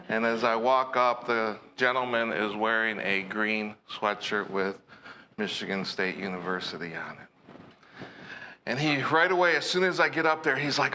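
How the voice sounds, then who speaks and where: Bright-voiced man telling a playful sermon story. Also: medium pitch, slight background noise, low-quality recording. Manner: playful, anecdotal, teasing. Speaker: preacher.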